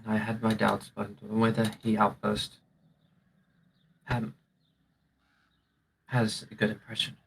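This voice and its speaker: A man's voice: lowish voice, completely flat delivery, slow, gravelly, long pauses, a bit bright, breathy edge, heavily acted, rough recording. A man playing a cautious fantasy adventurer in a tabletop game, speaking hesitantly and carefully. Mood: wary. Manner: hesitant, careful speech with restarts.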